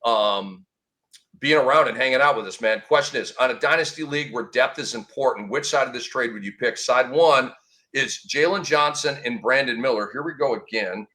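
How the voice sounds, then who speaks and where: A man hosting a sports podcast in a casual chat, excitable and quick with exclamations. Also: medium pitch. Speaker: show host.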